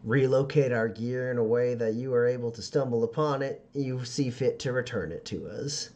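A man voicing a calm, forgiving frontier priest with an easygoing drawl in a tabletop game. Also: medium pitch, moderate pace, muffled recording, lightly acted. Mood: gracious.

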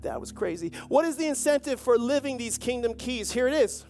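A pastor preaching a sermon with lively storytelling and jokey asides. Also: medium pitch, a little fast, soft background music.

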